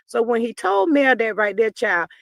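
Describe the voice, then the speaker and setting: A woman with a fairly high, sing-song, creaky voice and a fairly bright tone hosts a casual gossip livestream, reading viewer comments at a normal pace over her computer mic with no echo. She drawls chattily through the chat and calls everyone "child."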